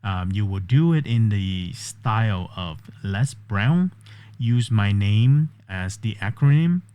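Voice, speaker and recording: A man testing an AI voice assistant, chatty and quick to interrupt, with a few voice-over comments. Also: fairly low pitch, expressive, clean tone, highs cut off. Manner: chatty, interrupts often, laughs easily. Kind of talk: casual talk with an AI and voice-over commentary.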